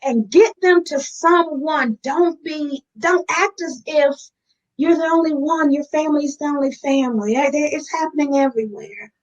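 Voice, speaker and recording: A woman with a high voice speaks frankly and earnestly as an interview guest. She talks straight to her listeners. The recording sounds dull and lo-fi. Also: moderate pace. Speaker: guest sharing her addiction recovery. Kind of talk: candid interview talk.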